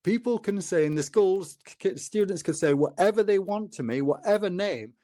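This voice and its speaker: A man in his fifties, a guest telling personal stories in a relaxed conversation and acting out the dialogue. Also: normal speed, dry recording, studio quality. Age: 50s. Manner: animated storyteller, acts out dialogue with lively pitch jumps. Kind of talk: casual storytelling in a conversation.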